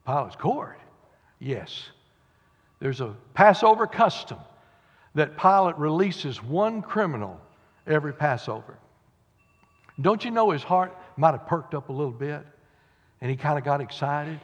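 Dramatic preacher. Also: male voice, a little high, expressive, measured pace, long reverb tail, highs cut off. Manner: dramatic storytelling, swings from loud cries to hushed whispers. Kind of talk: sermon.

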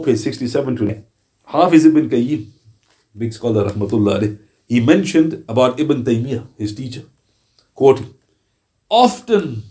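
Mellow-voiced male Quran teacher. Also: medium pitch. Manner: animated storytelling, with asides to the class. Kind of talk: religious class lecture.

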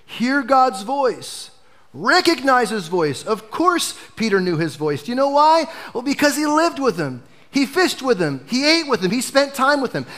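Animated male pastor preaching a sermon. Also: very high-pitched, normal speed. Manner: animated preaching, dropping to a hush for emphasis.

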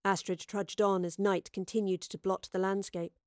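A woman narrates a storybook in a steady, measured voice. Her pitch sits in the middle, and the recording is dry and close with no room echo. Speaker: audiobook narrator. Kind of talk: scripted narration.

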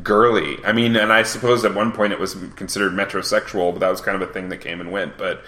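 Man, low voice, podcast host, rambling, self-deprecating, laughing a lot, roomy echo. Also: flat delivery, fast, sharp tone. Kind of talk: casual podcast chat.

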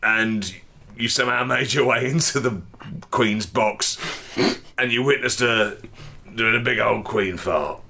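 A man's voice: mid-range voice, unhurried, sharp tone. A man hosting a comedy show, leading crude improv games with playful, bawdy banter. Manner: crude, playful, putting on mock Cockney lines. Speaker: podcast host.

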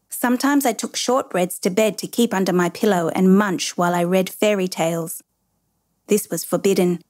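A woman narrating a children's story in a measured, gently expressive reading. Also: mid-range voice.

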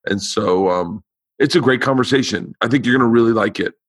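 A man's voice: mid-range voice, a little fast, slightly rough, dry recording. A man hosting his podcast in casual chat, his voice tired and lacking power, rambling with stuttering restarts. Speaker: podcast host.

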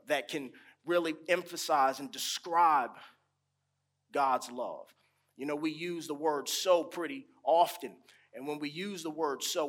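A man preaching a sermon at an unhurried, deliberate pace, stretching key words and letting pauses hang. His voice sits a little high for a man and swells when he repeats a phrase for emphasis. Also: fairly bright tone.

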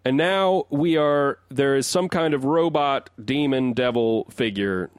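A man in casual podcast talk, working out a long theory out loud, stopping and restarting his sentences as he goes. His voice is captured close and dry, with no room sound, at an ordinary middle pitch. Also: a little slow, no echo. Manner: rambling, restarts sentences while building an argument. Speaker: podcast co-host and resident song analyst.

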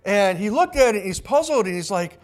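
A man's voice: high voice, expressive, a little fast. A male pastor preaching a sermon, telling a story with acted-out quotes and some restarts.

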